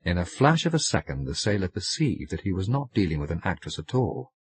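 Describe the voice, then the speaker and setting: A man narrating an audiobook story in a measured, wry storytelling manner. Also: deep voice, very animated. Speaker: audiobook reader.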